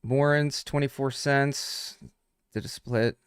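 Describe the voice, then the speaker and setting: On a live stream, a man with a clear, resonant mid-range voice explains trading slowly and with fairly even intonation. He keeps it casual and profane, addressing the chat directly, in a dry, studio-quality recording.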